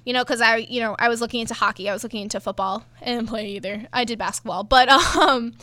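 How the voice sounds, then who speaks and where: A young woman chats casually as a podcast co-host, laughing easily as she goes. Her voice is a touch high and bright, and it sounds close and dry. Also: fast, no echo. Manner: chatty, laughing often. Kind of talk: casual chat.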